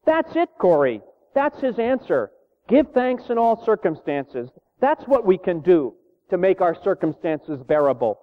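Calm, gently insistent woman prisoner, read by a man in a raised voice; lo-fi, hall echo. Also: sits high, measured pace. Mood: serene. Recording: tinny phone-like sound in a reverberant hall.

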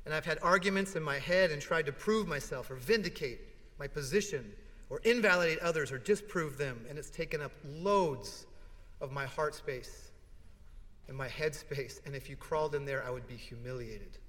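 A male pastor delivering a heartfelt sermon in a church, telling stories with dramatic pauses and hushed drops. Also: fairly high pitch, long reverb tail.

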